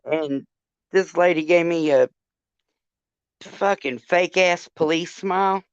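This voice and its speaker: A woman's voice: on the low side, slow, smooth, dry recording. Older woman, livestream storyteller, cursing, chatty, dry muffled sound. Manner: profane, chatty, addresses viewers directly. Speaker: livestream host. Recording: dull lo-fi sound.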